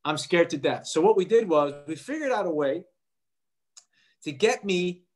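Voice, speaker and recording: A middle-aged man, an actor guest in an interview, telling a story in a lively way and acting out the voices of people he quotes. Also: high voice, normal speed. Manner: animated, acts out quoted voices.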